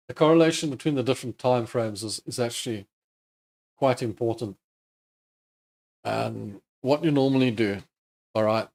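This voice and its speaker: A man's voice: mid-range voice, darkish tone. A man hosting a live trading stream, casually thinking aloud over charts and chatting with viewers. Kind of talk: live market commentary.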